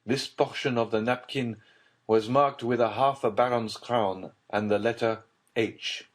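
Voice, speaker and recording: A man's mid-range voice, pushed up and lightly acted, carries a desperate middle-aged nobleman in an audiobook. He speaks a little slowly with fairly even intonation, and the delivery is grave, tense and urgent.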